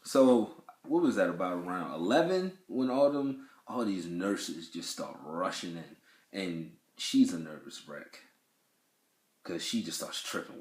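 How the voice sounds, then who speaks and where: A young man telling, in casual vlog style, how his first child was born, animated and swearing freely as he acts out what people said. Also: deep voice, a little slow, roomy sound.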